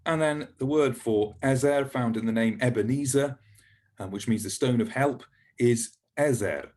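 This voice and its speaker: A man's voice: mid-range voice, moderate pace, darkish tone. A man teaching a pronunciation lesson, patiently explaining each sound and modelling words for listeners to repeat. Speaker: language teacher.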